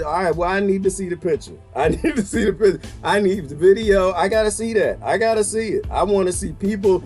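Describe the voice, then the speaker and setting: High, lively man ranting comically. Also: fairly quick, hardly any pauses, faint music behind. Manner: animated, exasperated ranting with frequent laughter. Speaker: vlogger. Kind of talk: comedic rant to camera.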